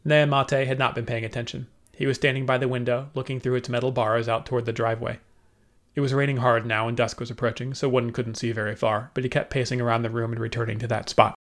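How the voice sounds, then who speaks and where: A man narrating an audiobook with steady storytelling. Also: medium pitch, quick pace.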